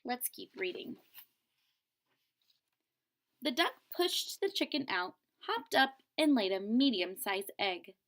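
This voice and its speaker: A woman teacher reads a picture book aloud to a class, stopping now and then to explain word meanings. She speaks slowly and with a lively, swooping pitch, and her voice sits a little high. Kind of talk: read-aloud storybook lesson.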